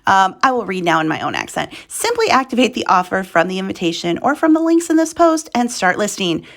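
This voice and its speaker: A woman's voice: mid-range voice, very animated, a little fast, gravelly. An American woman hosting her channel, reading selling-platform news aloud and breaking off for wry, chatty asides and self-mocking stumbles. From United States. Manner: chatty, wry asides, stumbles over words and laughs at herself. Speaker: reseller and channel host.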